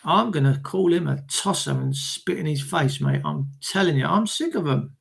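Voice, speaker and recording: An Englishman with a high-pitched voice rants angrily on a live stream, swearing and stammering as he goes. He stumbles over his words and reads viewers' comments aloud between tirades. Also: animated, moderate pace, vocal fry. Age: adult with children. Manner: angry, profane, stammering rant. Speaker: livestreamer reading chat.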